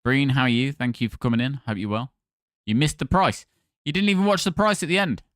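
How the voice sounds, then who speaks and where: A man's voice: mid-range voice, fairly quick, a bit bright, dry recording, studio quality. A man hosting a gaming livestream, chatting casually and thanking viewers by name.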